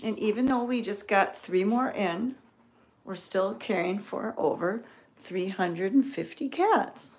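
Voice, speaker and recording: A woman touring a cat sanctuary in a casual vlog, cooing to the cats in high baby talk and sometimes whispering. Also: expressive, measured pace, darkish tone.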